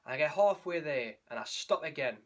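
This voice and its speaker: A man's voice: a little high, expressive, brisk. Candid man recapping a race. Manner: candid, emotional, rambling with restarts. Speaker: running vlogger.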